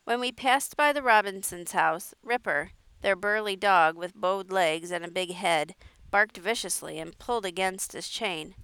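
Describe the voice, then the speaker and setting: Female audiobook reader, smooth and dry, steady storytelling. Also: medium pitch, measured pace, no room sound. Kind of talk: audiobook narration.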